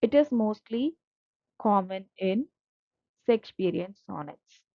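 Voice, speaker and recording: A woman's voice: medium pitch, lively intonation, a little slow, gravelly, no room sound. A woman teacher, explaining slides patiently and repeating points, with fillers. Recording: dull lo-fi dry audio.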